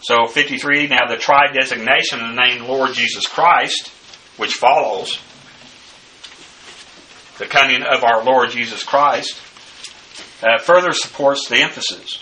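A man teaching a bible study, working through numbered points in a halting way full of filler sounds. His voice is very bright and cutting. He sounds set back from the mic, with a faint hiss of noise behind him. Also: mid-range voice, recorded from a distance, poor audio. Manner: halting, many filler uhs. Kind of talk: bible study lecture reading numbered notes.

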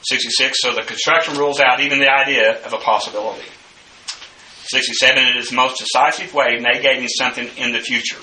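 A man teaching the Bible verse by verse, in a slow, deliberate lecturing manner with frequent fillers. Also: medium pitch, fairly even intonation, sharp tone, a little hiss or hum. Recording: echoey room, mic at a distance.

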